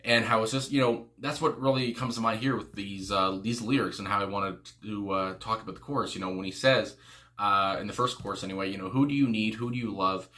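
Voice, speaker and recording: A man's voice: fairly low pitch, fairly even intonation, brisk, bright, forceful tone. A man hosting a music reaction video, rambling casually with lots of "you know" fillers and frequent exclamations. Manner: exclaims "my God" often.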